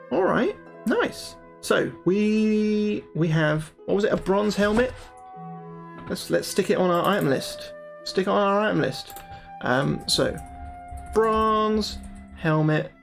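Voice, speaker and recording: Playing a solo fantasy gamebook on a livestream, a man reads it aloud and breaks off to chat and swear freely with viewers. His voice is high and creaky.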